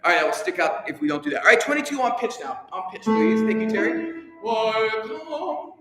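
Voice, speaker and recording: A man's voice: sits high, lively intonation, normal speed, a bit bright, faint music behind. A man leading a choir rehearsal, upbeat and teasing as he coaches singers and counts them in. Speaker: choir director. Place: large rehearsal room. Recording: echoey rehearsal hall, long reverb.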